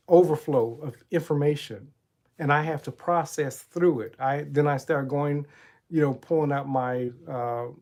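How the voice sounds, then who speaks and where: A man's voice: medium pitch, a little mellow. A middle-aged man, a motivational coach and channel host, giving a spiritual talk in a preacherly storytelling way, retelling Bible stories and asking rhetorical questions.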